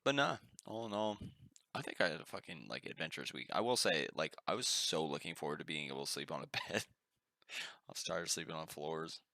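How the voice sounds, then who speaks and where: With a very deep voice and brisk delivery, a young podcast co-host tells stories animatedly in casual conversation, cursing without restraint. It's studio-quality audio, free of any room sound.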